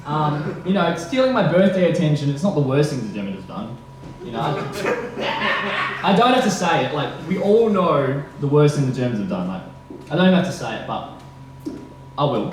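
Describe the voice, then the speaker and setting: A young man doing a nervous first stand-up set, halting with fillers. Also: fairly high pitch, a little mellow. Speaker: stand-up comedian. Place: comedy venue with audience. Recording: very echoey room, faint background noise.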